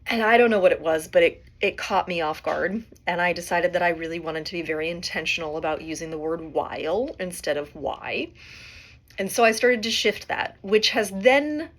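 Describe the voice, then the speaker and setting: Middle-aged woman, podcast host, reflective rambling monologue, slightly low voice. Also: moderate pace. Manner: musing, rambling, often adds "right?".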